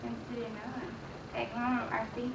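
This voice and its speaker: A woman's voice: on the high side, little pitch movement, racing, gravelly. A young woman student teacher leading a classroom lesson with small children, encouraging them, praising every answer and laughing often. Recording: echoey classroom recorded from far off, background noise.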